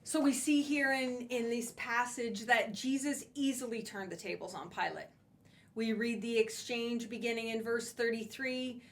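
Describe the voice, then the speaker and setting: A woman with a somewhat high voice teaching from scripture in a church message. She talks plainly and stresses key words with force to drive each point home. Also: moderate pace. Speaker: church speaker. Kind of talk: sermon teaching.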